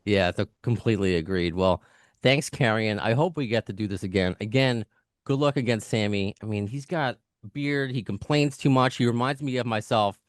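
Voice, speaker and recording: A low-voiced man hosts his podcast in quick, chatty talk, often breaking into laughs. His voice is still recovering from a recent illness. The sound is dry and close to the mic. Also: no room sound. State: recovering from lost voice. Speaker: podcast host. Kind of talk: casual podcast chat.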